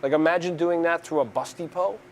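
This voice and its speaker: A man's voice: on the high side, brisk, a little hiss or hum. A man from New York City talking in a conversational interview, rambling with frequent restarts. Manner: rambling, restarts often, animated storyteller.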